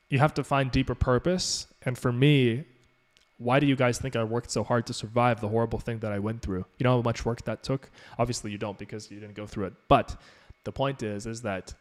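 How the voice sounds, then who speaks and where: A man of middle pitch talks casually on a live stream, reading and answering viewers' questions as a business mentor. His delivery is upbeat and loose, full of fillers and self-corrections. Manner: rambling and upbeat, many fillers and restarts.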